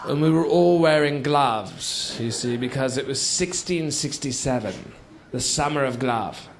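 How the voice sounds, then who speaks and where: In this noisy live theater recording, a comedian delivers a character monologue as a doddering old British gent who fills every line with "you see" and "sort of." His voice is mid-range and his pace measured.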